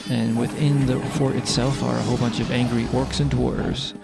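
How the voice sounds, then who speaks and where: A man narrating a roleplay game session in a casual, wry, deadpan way. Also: medium pitch, normal speed, creaky, over loud music.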